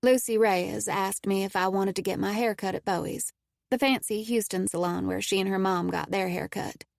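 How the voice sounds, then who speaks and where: A woman narrates a first-person audiobook in a steady, intimate way. Her voice has a noticeably gravelly texture at mid pitch, and the recording is dry and close with no room sound. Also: normal speed, no echo.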